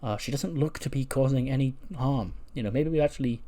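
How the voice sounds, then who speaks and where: Hushed male wrestler whispering like a wildlife host, played by a man, game let's-play voice, mid-pitched. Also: a little fast, natural voice.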